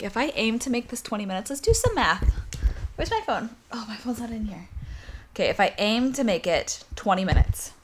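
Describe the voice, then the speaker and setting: A young woman vlogger chatting casually and upbeat while baking in her home kitchen. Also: lowish voice. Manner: chatty, upbeat, self-deprecating.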